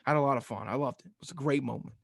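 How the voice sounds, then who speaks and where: A man's voice: mid-range voice, racing, vocal fry, dry recording. A man co-hosting a casual sports podcast, ranting with energy and laughing often. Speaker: podcast co-host.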